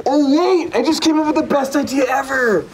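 A cast member teasing and swearing loudly in a rowdy group game. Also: high voice, normal speed. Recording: clear background noise.

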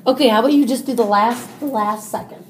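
A woman's voice: fairly high pitch, fast talker, slight background noise. A woman tutoring a student, explaining step by step and asking "okay?" often. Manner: patient, explains step by step with many "okay?" checks. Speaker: reading tutor. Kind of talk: one-on-one teaching.

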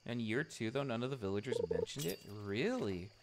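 A male streamer chatting casually with his viewers while playing, excitable and swearing freely as he reacts to the game. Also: mid-range voice, brisk, gravelly, noisy background. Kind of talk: casual live gameplay chat.

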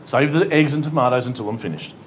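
A man's voice: medium pitch, fast, a little hiss or hum. A man with an Australian accent, a pastor preaching a sermon in an emphatic, pleading way, with rhetorical questions and humor. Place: church hall.

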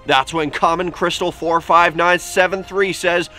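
A man hosting a casual vlog, reading comments aloud with animated, sarcastic asides. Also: sits high, a little slow, few pauses. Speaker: YouTube host. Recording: faint music behind.

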